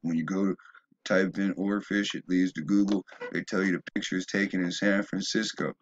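A man's voice: deep voice, level tone, normal speed, husky, muffled recording. A man delivering a rambling opinion monologue, often stumbling and restarting, then rising into emphatic bursts. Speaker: video blogger.

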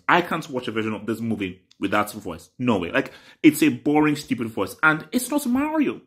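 A man's voice: medium pitch, very animated, brisk. A man giving an indignant, emphatic commentary rant in a casual vlog.

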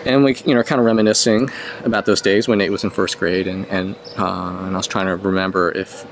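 A man's voice: deep voice, flat delivery, a little fast, slight background noise. A middle-aged man telling a personal story in a casual, rambling way, often restarting and correcting himself. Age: 50s.

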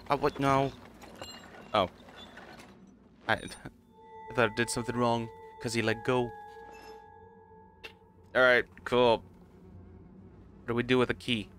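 A man's voice: medium pitch, level tone, slow, pauses often, fairly bright tone, soft background music. A man casually commenting on a game as he plays, rambling and chuckling at himself. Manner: rambling, self-mocking, laughs often. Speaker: gaming channel host. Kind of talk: casual let's play commentary.

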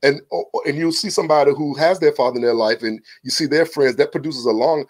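A man's voice: fairly high pitch, fast. Man, podcast guest, earnest, casual testimony, repeats words. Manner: earnest, repeats words when starting a thought.

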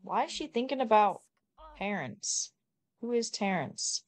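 A woman giving casual, joking gameplay commentary, blunt and quick to swear. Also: medium pitch, animated. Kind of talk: casual let's-play commentary.

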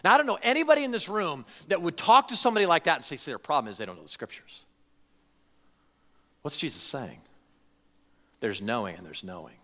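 A male pastor preaching with a bright, forceful voice pitched a little high. He speaks in an animated, conversational way and often restarts his phrases. His voice carries a long reverb from the church sanctuary. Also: fairly quick, long pauses. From United States. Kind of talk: sermon.

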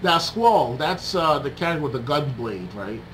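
A young man co-hosting a casual gaming podcast, talking excitedly and acting out reactions. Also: on the high side, moderate pace, a crowd in the background, rough recording. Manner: animated, excitable, acts out reactions. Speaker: podcast co-host. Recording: faint background noise.

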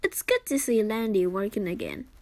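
A woman's voice: medium pitch, lively intonation, moderate pace, dry recording, pitched below the performer's own voice, close to an everyday voice. A woman voicing a friendly grown farmer in a children's storybook reading.

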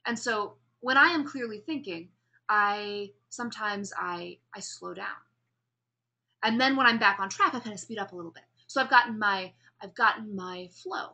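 A woman giving a classroom lecture on public speaking, explaining vocal variety and demonstrating pace and pauses as she talks. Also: medium pitch, pushed and bright.

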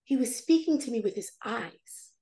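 A woman with a high, bright-pitched voice tells a personal story in a podcast interview. She is animated and expressive, leaping up in pitch when she acts out what she said. The sound carries a roomy echo. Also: moderate pace. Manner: animated, acts out her own past dialogue with big pitch jumps. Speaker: guest, prophetic intercessor.

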